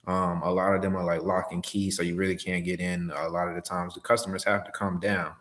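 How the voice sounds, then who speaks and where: Deep-voiced laid-back man. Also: flat delivery, brisk, a bit bright. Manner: laid-back, slangy, acts out phone calls. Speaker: delivery driver answering live chat. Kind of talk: casual livestream chat.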